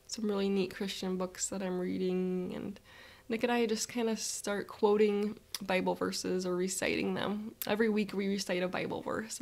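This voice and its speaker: Woman, guided visualization narrator, relaxed chatty present-tense storytelling, even pitch. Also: vocal fry.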